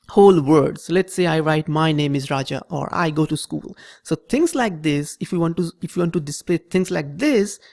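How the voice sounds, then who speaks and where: Patient coding tutor, dry close sound. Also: male voice, high voice, a little mellow, dry recording. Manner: patient, repetitive, checks in with "okay?". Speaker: programming instructor. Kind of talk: screen-recorded coding tutorial.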